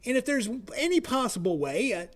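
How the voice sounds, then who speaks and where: An earnest aging softball player, put on by a man telling a story, talks in a folksy, halting way and keeps repeating his words. The voice sits noticeably high for a man. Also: sing-song.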